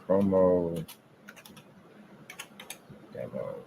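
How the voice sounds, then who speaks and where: A boastful man rants about his business in a rambling trash-talk style. His pitch swings wildly, from low muttered asides to loud, high, taunting outbursts. A faint background noise runs under the recording. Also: very animated, very slow, vocal fry, narrow, tinny audio. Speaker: business owner ranting on his channel.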